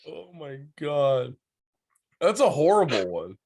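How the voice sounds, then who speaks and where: A man's voice: a little high, big pitch swings, slow pace, vocal fry, darkish tone, husky. A man co-hosting a podcast, chatting casually and reacting with crude interjections. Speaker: podcast co-host. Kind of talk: casual chat.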